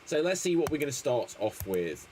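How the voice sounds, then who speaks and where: A man hosting a live improv show with a lively, up-and-down voice as he calls time and asks the audience for suggestions. Faint noise sits behind him. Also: medium pitch, moderate pace.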